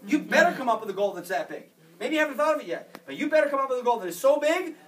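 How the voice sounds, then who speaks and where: A man giving a motivational talk to an audience, energetic and emphatic, with repeated phrases. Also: extremely high pitch, rapid-fire. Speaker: motivational speaker. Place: office meeting room. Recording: distant mic in a room.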